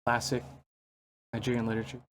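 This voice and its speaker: A man's voice: medium pitch, monotone, a little hiss or hum. Wry, teasing male podcast co-host. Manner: wry, teasing, quick to laugh. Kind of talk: casual chat.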